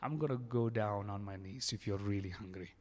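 A man's voice: on the low side, brisk, a little mellow. A man from India with an Indian accent, preaching a sermon in a fervent, repetitive way, often restarting his phrases. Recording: long reverb of a large hall.

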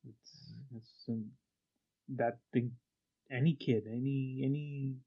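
A man's voice: medium pitch, slow, breathy edge. Male co-host, supportive and thoughtful, recorded on a muffled lo-fi mic. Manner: calm, supportive, reflective. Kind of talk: casual chat.

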